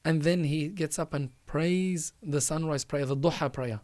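A man's voice: a little high, moderate pace, darkish tone, no echo. A man hosting a religious advice talk, earnestly urging listeners and repeating phrases for emphasis. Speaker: podcast host.

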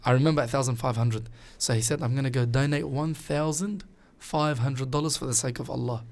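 Man, religious teacher, earnest, animated storytelling. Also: medium pitch, a little fast. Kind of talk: casual religious chat.

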